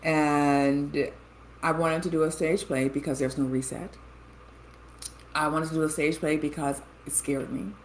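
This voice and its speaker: A woman actress, a guest on an interview show, telling stories in a lively way and acting out what people said. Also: deep voice, a little slow, slight background noise, rough recording. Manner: animated storyteller, acts out quotes. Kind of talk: casual interview chat.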